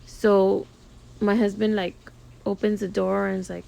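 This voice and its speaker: A woman nail technician retells a client story in a loose, chatty way full of fillers. Her voice has a strong gravelly fry and sits in a middle pitch range. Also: flat delivery, unhurried, warm tone. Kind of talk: casual storytime vlog. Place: home studio.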